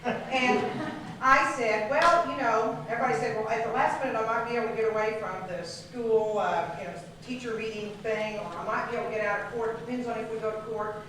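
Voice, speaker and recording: A woman's voice: a little high, steady tone, brisk, fairly bright tone. A woman telling a comic personal story in a chatty, rambling way, laughing as she goes, recorded far off in an echoey, noisy room. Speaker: storyteller at an improv show.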